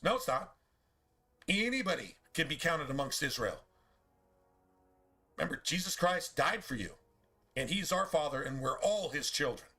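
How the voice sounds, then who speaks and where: A man's voice: fairly high pitch, pushed and bright. A man streaming a game, talking in a casual, profane, preachy rant full of rhetorical questions.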